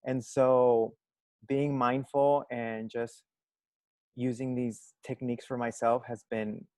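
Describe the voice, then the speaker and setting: A man's voice: mid-range voice, flat delivery, slow, a little mellow, no echo. Earnest teacher guy explaining stuff on an online panel, dry close sound.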